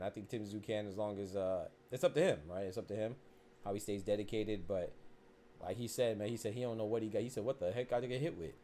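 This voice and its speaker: Against slight background noise, a lowish-voiced man hosting a podcast rambles in a casual, animated way, returning again and again to "you know what I'm saying."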